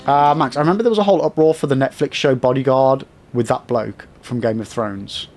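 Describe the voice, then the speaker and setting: A man's voice: medium pitch, brisk, darkish tone, soft background music. A man livestreaming a game, chatting with viewers and swearing at enemies. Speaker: game streamer. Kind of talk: live gameplay commentary chatting with viewers.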